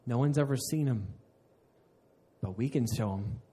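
A man's voice: mid-range voice, moderate pace, mellow, breathy edge. A man preaching a sermon in an earnest way, often restarting mid-phrase and laughing at himself. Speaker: pastor.

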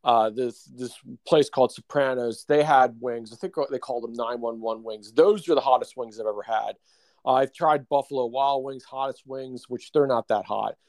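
A man's voice: mid-range voice, normal speed, a little mellow, no echo. A man co-hosting a podcast, telling a long story in casual chat, full of fillers and laughs. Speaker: podcast co-host.

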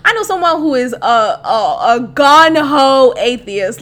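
A woman hosting a podcast in casual chat, animated and profane, laughing often and swinging from loud outbursts to quiet asides. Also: sits high, measured pace. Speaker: podcast host.

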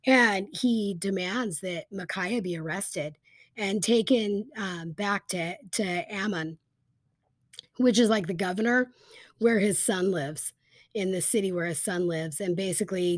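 A woman casually retelling a Bible story as a teacher, chatty and animated, with lots of fillers. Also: fairly low pitch, measured pace, breathy edge, no echo, studio quality.

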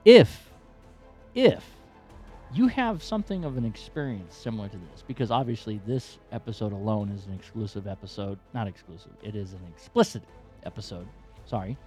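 A man hosting a podcast, telling a personal story in a rambling, animated, profane way. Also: fairly low pitch, moderate pace, faint music behind. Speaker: podcast host.

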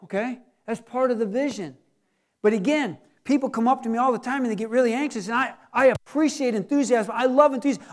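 Middle-aged male pastor, folksy joking sermon, very high voice. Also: fast talker. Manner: folksy, joking, acts out little scenes.

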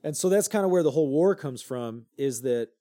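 A young man on a podcast, retelling old myths in a loose, animated way, full of fillers and crude jokes. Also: medium pitch, fairly quick. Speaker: podcast co-host. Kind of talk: casual storytelling chat.

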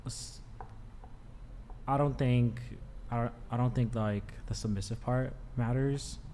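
A man's voice: medium pitch, fairly even intonation, slow, mellow, slight background noise. A man on a casual panel, hesitant and questioning as he works through his thoughts. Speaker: panel guest.

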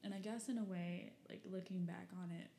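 A woman's voice: fairly low pitch, fairly even intonation, fairly quick, creaky, dark tone, reverberant, a little hiss or hum. A young woman from Michigan telling personal stories and reading old diary entries in a rambling, candid way, full of fillers and the odd curse. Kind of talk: personal storytelling.

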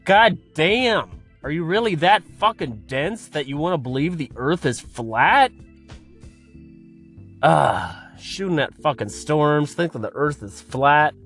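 A man's voice: fairly high pitch, lively intonation, slow, fairly bright tone, soft background music. A man hosting a podcast, delivering a profane comedic rant in an exasperated, swearing manner. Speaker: podcast host.

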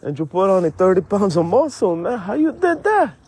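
A man's voice: high-pitched, big pitch swings, fairly quick, a little mellow, breathy edge, pitched above the performer's own voice, full character voice. A man playing a pushy, rambling DJ with a Spanish accent, who teases his friend and ends every phrase with "man" in an improvised comedy podcast sketch. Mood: teasing. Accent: Spanish-accented English. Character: brash, pushy male DJ who says "man" constantly.

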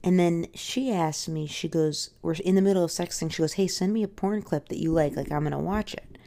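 A woman's voice: lowish voice, a little fast, dark tone. A young woman doing stand-up, telling rambling, candid and crude stories full of asides. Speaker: stand-up comedian. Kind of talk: stand-up storytelling.

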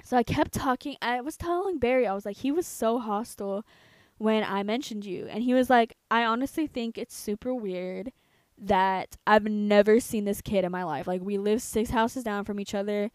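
A young woman in her twenties from the United States, telling a story on a podcast in a casual, profane, animated way. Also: mid-range voice, moderate pace, no echo. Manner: profane, animated, quotes herself and others. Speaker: podcast co-host.

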